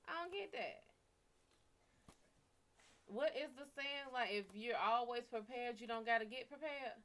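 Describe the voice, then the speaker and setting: A woman from the American South, chatting casually and profanely with viewers on a live stream. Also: on the high side. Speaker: live stream psychic reader.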